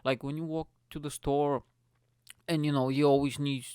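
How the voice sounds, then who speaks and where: A young man from Bulgaria hosting a comedy podcast, delivering a profane, animated, rambling monologue. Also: fairly high pitch, normal speed, clear, resonant tone, no room sound, studio quality.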